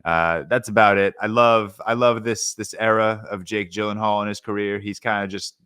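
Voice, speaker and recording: Low-voiced young man rambling a movie review. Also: fairly even intonation, normal speed, bright, forceful tone, clean tone, no echo, studio quality. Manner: rambling with many fillers and restarts. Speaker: podcast co-host, film reviewer. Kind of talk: casual movie review chat.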